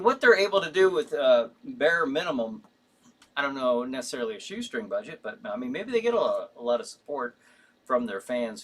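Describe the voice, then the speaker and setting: A man hosting a live stream in a loose, chatty way. His pitch moves around a lot as he reads out viewer comments and answers them. He rambles, fills pauses and circles back on himself. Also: a bit bright, husky. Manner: rambling, with many fillers and restarts. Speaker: host. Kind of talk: casual live-stream chat.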